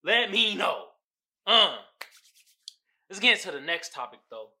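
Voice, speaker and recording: Loud, animated man ranting on a podcast. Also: sits high, a little slow. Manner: animated, loud, swearing, talking straight to listeners. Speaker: podcast host. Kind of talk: casual profane commentary.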